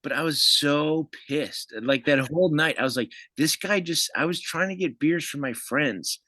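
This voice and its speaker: A comedian in casual podcast chat, an animated storyteller who swears and laughs a lot. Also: male voice, a little high, moderate pace, dry recording, rough recording. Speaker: comedian guest.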